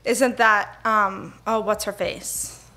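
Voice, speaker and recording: A woman co-hosting a podcast in casual chat, curious and quick to react with questions. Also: medium pitch, steady tone, sharp tone. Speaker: podcast co-host.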